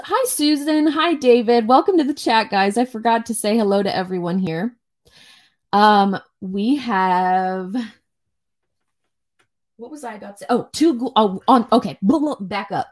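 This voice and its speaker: A young woman co-hosts a podcast and chats loosely during a livestream. Her talk wanders from one thing to the next, full of restarts and casual swearing. Her voice sits at an ordinary middle pitch for a woman. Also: a little mellow. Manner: chatty, rambling, swears freely. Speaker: podcast co-host.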